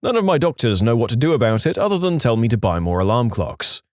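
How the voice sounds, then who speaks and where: A man reading online stories aloud as the narrator, lively and animated. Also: medium pitch, fast talker, no room sound, clean studio sound. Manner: animated reading, acting out quoted lines in raised voices. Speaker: story narrator.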